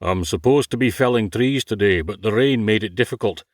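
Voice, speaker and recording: Narrator plays a rough Scottish labourer at the wheel, blunt and curt, in a storybook reading. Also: male voice, lowish voice, a little fast, no echo, studio quality, close to an everyday voice. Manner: curt and offhand. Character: rough gruff Scottish woodsman driver, blunt.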